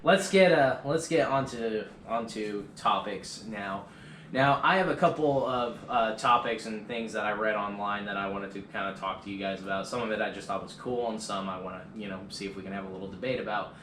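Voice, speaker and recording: A man's voice: on the low side, fairly quick. A young man hosting a podcast, telling stories animatedly with swearing and laughter. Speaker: podcast host. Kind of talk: casual chat. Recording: echoey room, faint hiss.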